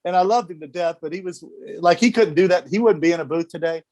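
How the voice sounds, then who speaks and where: A man's voice: high-pitched, fast talker, darkish tone. A man around sixty, a TV sports director, telling stories on a video call interview. He laughs often and repeats words as he starts his phrases. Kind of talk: casual storytelling in an interview.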